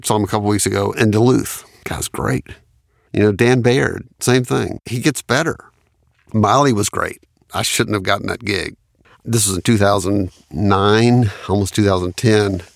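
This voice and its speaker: A man's voice: fairly low pitch, moderate pace, gravelly, no room sound. A man, a studio engineer and producer telling anecdotes in an interview and laughing often. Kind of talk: storytelling in an interview.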